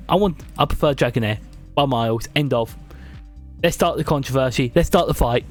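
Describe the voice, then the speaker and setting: British male streamer, higher voice, chatty and jokey, live to viewers. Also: lively intonation, normal speed, faint music behind. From Britain. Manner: chatty, jokey, reads and answers chat. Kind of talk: live tier-list chat with viewers.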